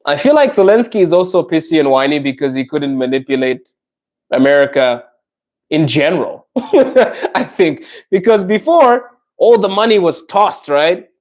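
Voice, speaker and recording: A man's voice: fairly high pitch, very animated, moderate pace, a little mellow. A young adult man hosting a casual livestream podcast, reading viewer comments and chatting with viewers in a friendly, talkative way. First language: not Russian; learning Russian. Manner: friendly, chatty, laughs often, addresses viewers directly. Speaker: podcast host reading live chat comments.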